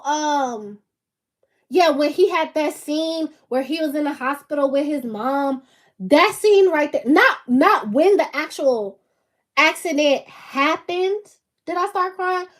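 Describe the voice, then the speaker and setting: A woman, hosting her own channel and talking casually and emphatically to camera, laughing often. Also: sits high. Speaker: channel host.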